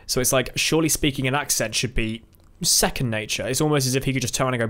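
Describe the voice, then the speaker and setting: A man's voice: mid-range voice, fairly even intonation, fast, fairly bright tone. A man in his twenties co-hosting a podcast in casual chat, joking and rambling with lots of fillers and restarts. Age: 20s. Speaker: podcast co-host.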